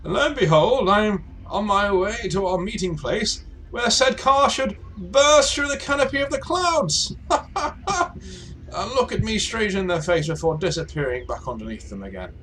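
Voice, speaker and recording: A man's voice: high-pitched, very animated, measured pace, a bit bright, slight background noise, pitched above the performer's own voice, full character voice, rough recording. A man voicing a foppish, upper-class male airship captain in a tabletop game, with plummy exclamations. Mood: pompous. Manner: pompous, fussy.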